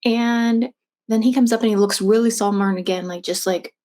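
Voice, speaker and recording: A woman's voice: a little high, steady tone, moderate pace, a little mellow. Chatty woman retelling a true crime story. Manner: chatty, many fillers and restarts. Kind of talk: casual storytelling.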